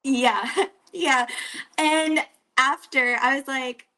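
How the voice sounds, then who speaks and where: A woman's voice: high-pitched, fairly even intonation, drawn-out words, pushed and bright. A young woman from Canada with an East Coast accent, chatting casually as an interview guest, giggling often and using many "like" fillers.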